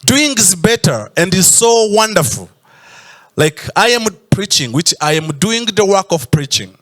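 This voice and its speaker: High-voiced pastor preaching slowly. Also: male voice, big pitch swings, fairly bright tone. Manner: preaching with drawn-out, emphatic phrases and sung lines. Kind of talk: sermon. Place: church.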